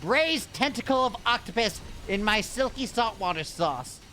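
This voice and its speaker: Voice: medium pitch, animated, normal speed, pushed and bright, slight background noise, voice pushed up. A player voicing a pompous cooking student with a comical German accent, boasting in a haughty way. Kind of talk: improvised tabletop role-play.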